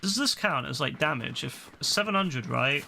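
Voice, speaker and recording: A young man commentating on his own gameplay in casual chat, swearing a lot and getting exasperated, with excitable outbursts. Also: fairly high pitch, moderate pace, gravelly, music in the background. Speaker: gaming streamer.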